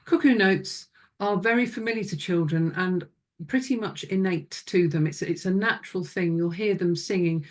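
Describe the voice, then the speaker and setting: Calm, low-voiced woman teaching music. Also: normal speed. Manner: calm, instructive, demonstrates vocal exercises. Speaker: music education presenter. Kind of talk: webinar teaching talk.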